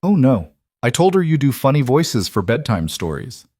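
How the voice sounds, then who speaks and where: A man's voice: medium pitch, sing-song, moderate pace, a little mellow, husky, dry recording, studio quality, pitched above the performer's own voice. A man voicing a wry, protective single father in a narrated story. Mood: playful.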